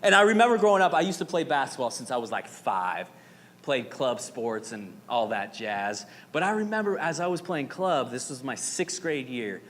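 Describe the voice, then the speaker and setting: Animated male pastor preaching in a hall. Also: mid-range voice, normal speed. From Arizona. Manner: animated, dramatic storytelling with playful asides. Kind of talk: sermon. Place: church sanctuary. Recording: reverberant hall with faint noise.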